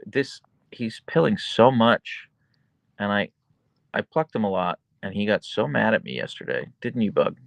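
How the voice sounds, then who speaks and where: A man hosting a casual livestream from a small bedroom, reading chat aloud and cooing at his dog in a high baby-talk voice. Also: big pitch swings, moderate pace, gravelly, no room sound.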